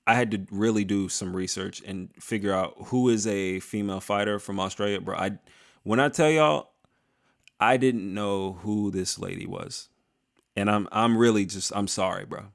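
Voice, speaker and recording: A man's voice: on the low side, fairly even intonation, normal speed, gravelly. Joking, rambling male MMA host. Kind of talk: casual commentary.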